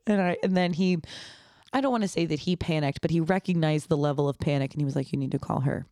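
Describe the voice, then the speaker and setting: A young woman co-hosting a casual podcast, her voice sitting a little low. She rambles through stories, acting out what others said and filling gaps with "like." The recording is dry and close. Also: fast, no room sound. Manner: rambling, lots of "like", animated retelling of stories with quoted voices. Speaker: podcast co-host. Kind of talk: casual chat.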